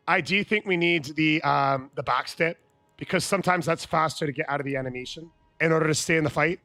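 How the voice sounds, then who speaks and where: A man chatting on a live game stream, loud and hyped, often yelling catchphrases. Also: fairly high pitch, normal speed, faint music behind. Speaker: gaming streamer. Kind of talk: live gameplay stream chat.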